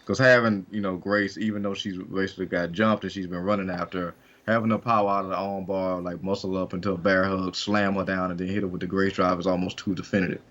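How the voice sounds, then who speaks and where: A man's voice: low-pitched, level tone, fast, few pauses, a bit bright, lo-fi sound. A man co-hosting a wrestling podcast, talking casually and rambling with lots of fillers and restarts. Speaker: podcast co-host. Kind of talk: casual chat.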